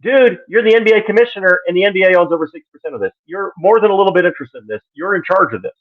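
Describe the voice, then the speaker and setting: An exasperated man gives live-stream commentary, acting out the people he quotes. His voice sits a little high, and it comes through a tinny, phone-like line. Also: lively intonation, very fast. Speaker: sports commentator.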